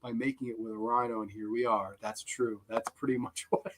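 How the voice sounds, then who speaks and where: A man's voice: fairly low pitch, steady tone, a little fast, slight background noise. A young man hosting a live film commentary, rambling and swearing, often laughing. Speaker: host.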